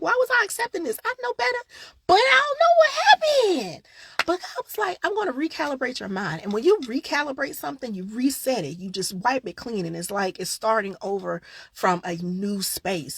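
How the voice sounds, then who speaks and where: Gravelly, husky woman hosting live talk. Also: fairly high pitch, a bit bright, no echo. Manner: chatty and candid, talks straight to viewers. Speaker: host of a live online show. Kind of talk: casual live-stream talk to viewers.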